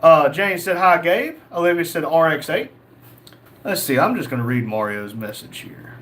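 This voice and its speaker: Young male streamer, higher pitch, reads chat casually, faint room noise. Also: expressive, moderate pace, a bit bright. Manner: reads chat messages aloud, jokey. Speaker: livestream host reading chat.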